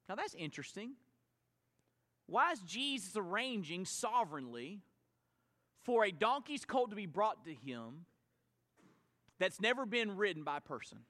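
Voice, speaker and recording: A high, bright-voiced male pastor preaching in a large church with a long, ringing reverb. He drops to quiet asides and then rises to shouted emphasis. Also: very animated, unhurried, pauses often. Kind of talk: sermon.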